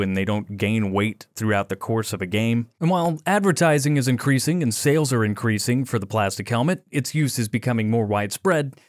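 A man's voice: fairly low pitch, no room sound, studio quality. A man hosting a history podcast, narrating from a script and reading out quotes from old articles. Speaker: podcast host.

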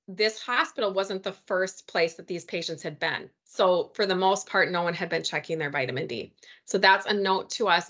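Bright, upbeat woman giving a webinar. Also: on the low side. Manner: enthusiastic, chatty, with folksy asides. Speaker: health presenter. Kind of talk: webinar presentation. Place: at her computer.

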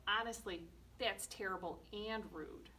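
A woman librarian reading a picture book aloud at a children's storytime, slow and expressive with playful asides. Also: mid-range voice. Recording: distant mic with faint room noise.

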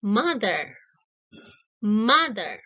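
A woman's voice: mid-range voice, very animated, sharp tone, muffled recording. A woman teaching a simple English lesson to young children, repeating each word and praising the answers. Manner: encouraging, drawn-out words repeated twice.

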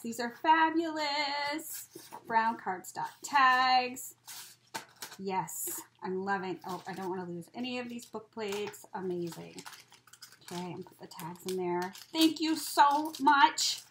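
A woman's voice: on the high side, sing-song, a little slow, a bit bright, a little hiss or hum, poor audio. A woman chatting casually as she opens craft mail, gushing and giggling with frequent exclamations. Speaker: crafting vlogger opening mail. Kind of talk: casual unboxing chat.

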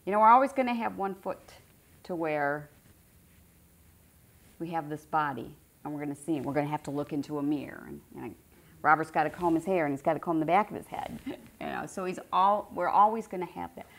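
Low gravelly woman teaching. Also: brisk. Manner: conversational, repeats phrases for emphasis. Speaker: spiritual teacher. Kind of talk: informal spiritual teaching to a group.

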